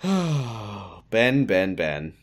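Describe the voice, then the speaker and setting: Lively man reading fan fiction aloud. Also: lowish voice, drawn-out words. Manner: animated, slips into mock voices and laughs often. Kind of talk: comedic reading and banter.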